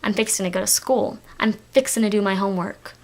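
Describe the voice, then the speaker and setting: A woman's voice: medium pitch, fairly even intonation, fast. A woman with a Southern US accent, vlogging casually to her camera. She rambles and hesitates often, with many ums and likes. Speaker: collab channel vlogger. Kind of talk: casual vlog monologue.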